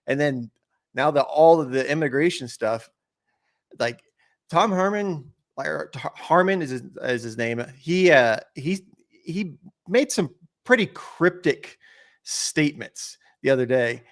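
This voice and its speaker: A man's voice: a little high, lively intonation, measured pace. A man talking as a guest co-host in a casual chat, rambling and loose.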